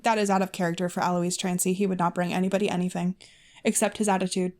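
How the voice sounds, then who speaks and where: A woman's voice: lowish voice, little pitch movement, quick pace, a little mellow. A woman reading her own old fanfiction aloud and mocking it with cringing, laughing commentary. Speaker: fanfiction reader.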